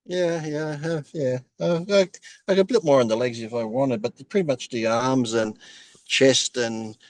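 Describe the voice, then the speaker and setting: A man's voice: medium pitch, moderate pace, dry recording. A middle-aged man with an Australian accent, chatting on a podcast, crude and joking and laughing often. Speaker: podcast guest, bodybuilder. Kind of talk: casual podcast chat.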